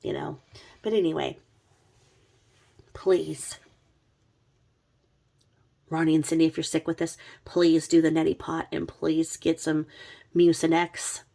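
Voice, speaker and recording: Woman host, low and gravelly, sick with covid; casual, blunt, sweary commentary. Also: flat delivery, slow, pauses often, warm tone. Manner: chatty, blunt, swears freely. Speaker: true crime commentary host.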